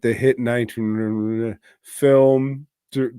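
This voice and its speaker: A man talks slowly and loosely in a casual podcast chat, recapping a film with crude humor and bursts of laughter. His voice sits at an ordinary middle pitch. The sound is dry and close, with no room around it. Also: a little mellow, no echo. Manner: rambling, crude, laughing, mimics film characters. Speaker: podcast co-host. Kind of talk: casual movie review chat.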